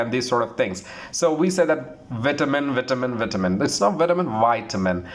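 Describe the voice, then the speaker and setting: An earnest man with a medium-pitched voice teaches pronunciation in an online lesson. He repeats himself and slows down to model words.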